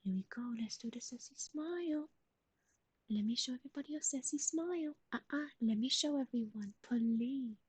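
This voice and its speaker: A woman with a high, airy voice gives a whispered pet livestream chat, cooing baby talk to her animal between greetings to viewers. Her breathy whisper sits close and dry, with no room sound, and she takes her time. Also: normal speed, darkish tone, no echo. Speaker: livestream host.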